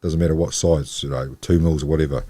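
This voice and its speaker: A man's voice: a bass voice, fairly even intonation, fast talker, warm tone. An older man, a guest in a casual chat, telling rambling anecdotes about his old job.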